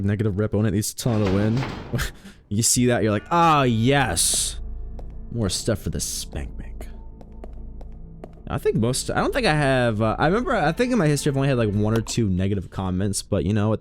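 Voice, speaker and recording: A man casually commenting while streaming a game, joking with chat and shooting up into high exclamations. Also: a little mellow.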